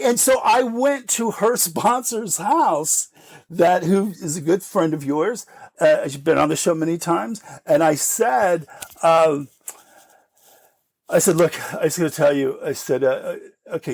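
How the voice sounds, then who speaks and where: A middle-aged American man telling candid, animated stories about his recovery and acting out the voices of the people in them, laughing often. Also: fairly high pitch, a little slow, creaky, no echo. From United States. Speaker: podcast guest.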